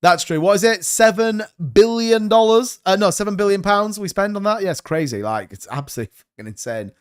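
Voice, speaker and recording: A man hosts a live stream, giving loose, rambling market commentary. His voice sits a little high, and he hedges and wanders as he chats. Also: animated, brisk, clean tone. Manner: rambling, hedging, chatty. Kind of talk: casual crypto market commentary.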